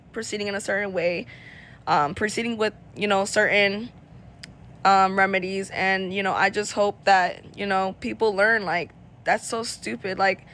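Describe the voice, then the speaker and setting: A woman's voice: mid-range voice, fairly bright tone, slight background noise. A woman telling a storytime in casual talk, blunt and indignant, rambling with plenty of fillers.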